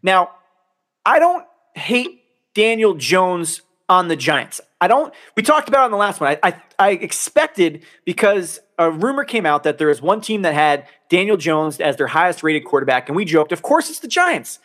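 A man's voice: high-pitched, big pitch swings, normal speed, a bit bright. A man co-hosting a podcast, ranting in casual talk, exasperated and swearing a lot. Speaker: podcast co-host. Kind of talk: heated casual sports rant.

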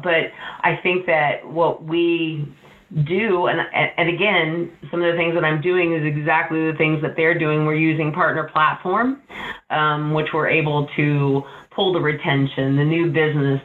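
A woman who owns an insurance agency, talking candidly on a panel in a giggly, self-deprecating way over a video call. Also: low voice. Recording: tinny echoey call audio.

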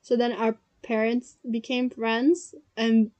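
A woman's voice: fairly high pitch, level tone, slow, dark tone. A young woman chatting casually, telling rambling school stories with lots of fillers and giggles. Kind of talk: casual chat.

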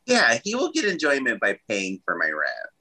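Bright, lively male co-host joking. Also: mid-range voice, moderate pace, low-quality recording. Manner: jokey, goofy humor. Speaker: podcast co-host. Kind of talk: casual celebrity gossip chat.

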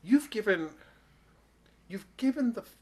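A man co-hosting a podcast in a relaxed, casual chat. His pitch swings widely as he talks, and he gets animated when he makes a point. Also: a little slow, slightly rough. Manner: animated, jumps into voices when retelling. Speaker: podcast co-host.

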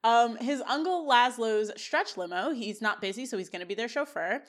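Young woman podcast co-host, casual recap, animated and playful delivery. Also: on the high side, moderate pace. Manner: animated retelling with quoted lines.

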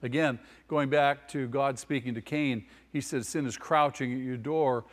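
A man's voice: medium pitch, fairly even intonation, normal speed. A male pastor preaching a sermon with emphasis. He repeats key phrases and asks the congregation questions. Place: church hall. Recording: long hall reverb.

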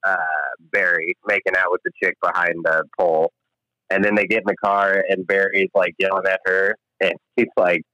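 A man's voice: low-pitched, little pitch movement, moderate pace, pushed and bright, clean tone, dry recording, muffled recording. A laid-back man co-hosting a podcast, chatting crudely about a movie. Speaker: podcast co-host. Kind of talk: casual movie-review chat.

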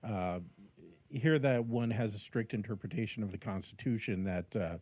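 A man's voice: lowish voice, moderate pace, husky. A man co-hosting a casual theology talk show, reflective and agreeing. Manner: reflective, agreeing, lively intonation. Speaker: podcast co-host. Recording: dull lo-fi sound.

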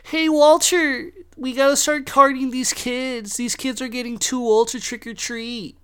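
A man doing a mocking high falsetto impression of a stingy suburban woman homeowner. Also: fairly even intonation, measured pace, sharp tone, smooth, full character voice. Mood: sneering. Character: snooty suburban woman homeowner, grudging with candy.

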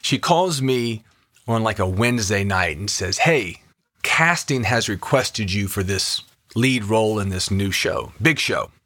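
A man's voice: fairly low pitch, expressive, unhurried, fairly bright tone, dry recording, studio quality. A man, a podcast co-host and actor, chatting casually and telling an enthusiastic personal story.

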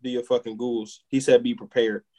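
A man's voice: mid-range voice, little pitch movement, brisk, warm tone, low-quality recording. Rambling man chatting on a podcast. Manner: rambling, heavy on filler "like". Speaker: podcast co-host. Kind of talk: casual chat.

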